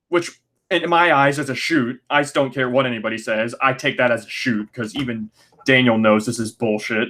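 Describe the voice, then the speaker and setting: A man's voice: mid-range voice, moderate pace, bright, forceful tone. A man hosting a casual review podcast, ranting sarcastically and swearing freely. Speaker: podcast host.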